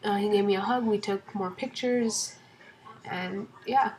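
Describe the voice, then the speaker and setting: A young woman telling a storytime vlog from home in a casual, excited way, rambling with lots of fillers and restarts. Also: mid-range voice, measured pace, a little hiss or hum, rough recording. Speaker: vlogger.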